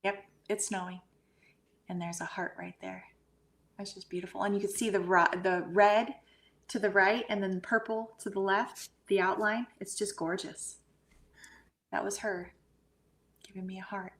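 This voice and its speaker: A woman's voice: mid-range voice, fairly even intonation, normal speed, pauses often, a bit bright. Gushing woman on a video call. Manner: effusive, gushing about energy. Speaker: guest medium. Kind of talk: casual podcast chat.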